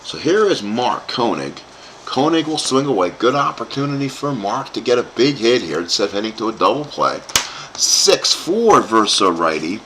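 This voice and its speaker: A man's voice: mid-range voice, very animated, moderate pace, bright, forceful tone, slight background noise. A man calling play-by-play for a tabletop baseball game he is playing himself, rambling into asides for his live chat. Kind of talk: play-by-play commentary of a dice game.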